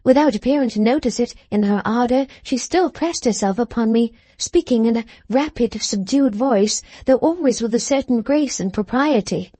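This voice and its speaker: A woman narrating a classic novel as an audiobook, in a measured, composed storytelling manner. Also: a little high, warm tone, no echo.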